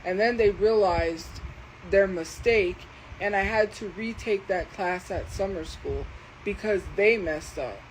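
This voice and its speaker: A woman livestreamer talking slowly and deliberately as she defends herself against commenters in her chat. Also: medium pitch, slight background noise, low-quality recording. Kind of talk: live stream talking to chat.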